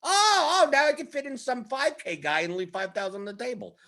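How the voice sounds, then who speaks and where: A man voicing a chatty software optimizer that coaxes and pleads with its user like a person. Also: extremely high pitch, brisk, creaky, voice pushed up, full character voice. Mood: exasperated. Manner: coaxing, then pleading and exasperated.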